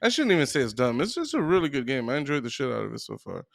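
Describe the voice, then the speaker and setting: A man's voice: medium pitch, very animated, very fast, vocal fry, no echo, clean studio sound. A man co-hosting a podcast, chatting casually in a laid-back, rambling, profane way. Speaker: podcast co-host. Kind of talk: casual chat.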